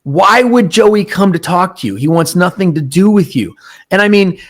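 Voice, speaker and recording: A man hosting crime commentary, talking casually in a mocking, animated way and quoting others. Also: high-pitched, moderate pace.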